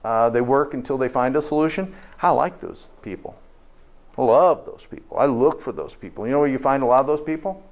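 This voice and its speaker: A man's voice: mid-range voice, fairly quick. A man giving a live health lecture to an audience in a folksy way, tagging his points with "okay?" and asking the room questions. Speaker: health presenter. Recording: dull lo-fi recording.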